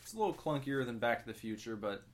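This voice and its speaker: Young ohio dude cohosting, dry and easygoing, munching pizza. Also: male voice, mid-range voice, expressive, quick pace, a little hiss or hum. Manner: easygoing, dry, eats while talking. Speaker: podcast co-host. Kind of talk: casual chat.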